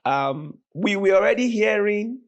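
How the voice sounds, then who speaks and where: A Nigerian man, a podcast guest, telling a story with animated, vivid retelling and voiced quotes. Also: high voice, a little slow. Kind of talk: dramatic storytelling in conversation.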